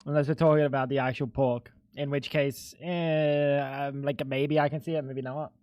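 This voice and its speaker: A young man chatting casually on a live stream, animated, swearing and laughing a lot. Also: medium pitch, moderate pace, dry recording, studio quality.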